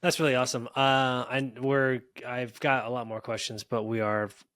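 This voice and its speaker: An easygoing podcast host asks questions and chimes in with short agreements. The voice sits at a middle pitch. The sound is dry and close. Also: flat delivery, normal speed, a bit bright, no echo. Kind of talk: casual podcast interview.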